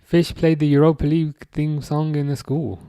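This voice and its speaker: A man's voice: on the high side, little pitch movement, moderate pace, warm tone, clear, resonant tone, no echo, clean studio sound. A young man hosting a live stream, reading viewer chat aloud and answering in a chatty, self-correcting way. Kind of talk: casual live chat commentary.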